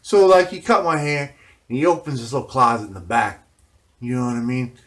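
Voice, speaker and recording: A middle-aged video journal host with a medium-pitched, brisk, slightly bright voice tells a rambling story as a loose monologue. He's casual, swears freely, and keeps tacking on "you know what I mean."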